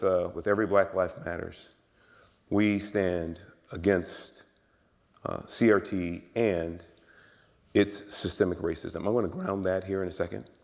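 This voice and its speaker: A man preaching a sermon in a church, emphatic and repetitive, swinging from low murmurs to loud exclamations. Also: gravelly, in a large hall. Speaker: guest preacher. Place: church sanctuary.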